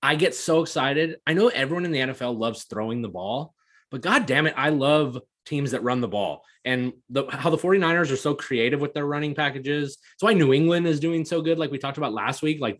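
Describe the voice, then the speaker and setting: Excitable, swearing male sports podcaster. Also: mid-range voice, brisk. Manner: excitable, swears freely, laughs often. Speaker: podcast co-host. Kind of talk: casual sports chat.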